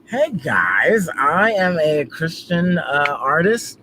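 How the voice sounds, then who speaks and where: Man, gospel singer guest, goofy, lots of ums, higher voice, faint noise behind. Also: slow pace, poor audio. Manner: goofy, animated, many fillers. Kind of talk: casual interview chat.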